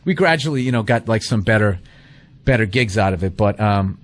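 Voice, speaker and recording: A man's voice: on the low side, lively intonation, fairly quick. A middle-aged man and stand-up comedian hosting a podcast, telling rambling stories in casual chat, acting out quotes and swearing freely.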